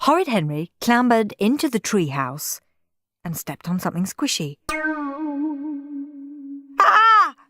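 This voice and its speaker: A woman narrating a children's audiobook in an expressive, playful way. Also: lowish voice, normal speed, faint music behind. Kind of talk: storybook narration.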